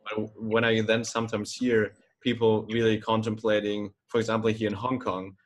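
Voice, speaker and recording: A man hosting a podcast interview, talking thoughtfully with frequent pauses and fillers. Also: lowish voice, flat delivery. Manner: thoughtful, hesitant, many fillers. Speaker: podcast host. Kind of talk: casual interview talk.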